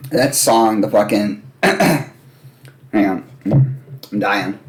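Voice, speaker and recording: A man hosting a casual music discussion, excited and swearing freely. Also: lowish voice, drawn-out words. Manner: excited, profane. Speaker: host.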